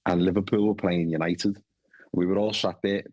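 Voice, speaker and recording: Scouse actor, thirties, low voice, loose chatty talk, dry close recording. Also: male voice, fairly even intonation, moderate pace, darkish tone, no room sound. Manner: chatty, swears freely, frequent restarts. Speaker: actor guest. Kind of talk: casual chat.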